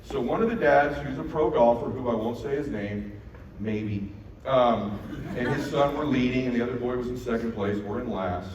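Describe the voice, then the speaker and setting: A middle-aged man giving a motivational keynote on stage, telling a story in an animated, profane way and acting out the dialogue. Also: medium pitch, normal speed. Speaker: keynote speaker. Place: large event hall on stage. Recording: echoey hall from far off with noise.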